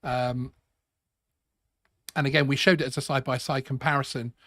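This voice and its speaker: A man's voice: mid-range voice, fairly even intonation, fairly bright tone, no echo, clean studio sound. A man hosting a live stream, talking casually with many restarts and a sarcastic edge. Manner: halting, repeats words, sarcastic. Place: home studio.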